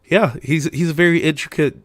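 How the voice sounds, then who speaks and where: A man's voice: fairly high pitch, fairly even intonation, fairly quick, no room sound, clean studio sound. A man co-hosting a casual wrestling podcast, laid-back and swearing freely. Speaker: podcast co-host.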